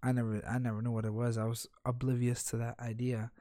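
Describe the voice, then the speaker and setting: A man's voice: mid-range voice, little pitch movement, fast talker, warm tone, dry recording, clean studio sound. A man telling crude stories bluntly on a casual podcast.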